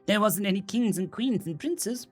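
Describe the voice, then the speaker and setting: An excitable young boy full of wondering questions, put on by a male storyteller. The voice rises high and eager, with a husky edge. It bounces with a lively, sing-song lilt over faint music. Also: moderate pace. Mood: eager, curious.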